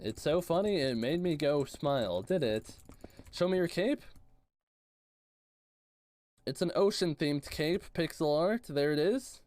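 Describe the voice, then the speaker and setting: A man's voice: expressive, unhurried, pauses often, a little mellow. Chatty male streamer with a lifted voice. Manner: casual, reads chat messages aloud and answers them, jumps high on greetings. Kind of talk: live-stream chat reading while gaming.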